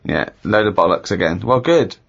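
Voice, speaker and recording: A man's voice: lowish voice, expressive, moderate pace, vocal fry, husky. A man hosting a comedy podcast, impatient and blunt, swearing in casual chat. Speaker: host. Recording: muffled podcast recording.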